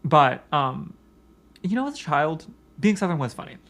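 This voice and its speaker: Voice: mid-range voice, very animated, moderate pace, a bit bright. A co-host in their late twenties on a book podcast, explaining animal facts and trading nerdy references. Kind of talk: casual podcast chat about a book.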